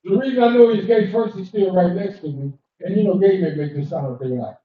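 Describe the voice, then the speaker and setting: A man's voice: high voice, brisk. An older man doing a brash, profane stand-up comedy set in a cigar lounge, acting out the people in his stories. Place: cigar lounge, live show. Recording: echoey, dull room sound from a distance.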